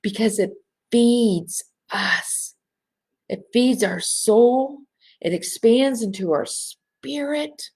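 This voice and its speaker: Woman, live online host, at home, bubbly, laughs often, leisurely pace, soft voice for breathing guidance. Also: fairly high pitch, husky. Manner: bubbly, laughs often, speaks directly to the audience; soft and slow when guiding breathing. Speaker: host of an online women's gathering. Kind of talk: live-streamed coaching talk with guided breathing.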